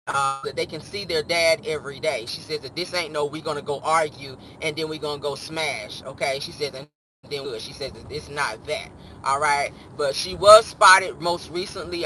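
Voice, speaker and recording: A man hosting a casual gossip commentary show, sassy and animated, slipping into mock voices to act out the stories. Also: a little high, slight background noise. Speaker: host.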